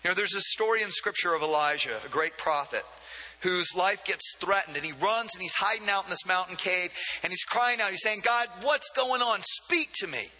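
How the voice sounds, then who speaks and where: A male pastor delivers a casual, conversational sermon, breaking into asides and repeating words as he thinks. His voice sits high and sounds very bright and sharp. It carries a long reverb, like a large church sanctuary. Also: a little fast.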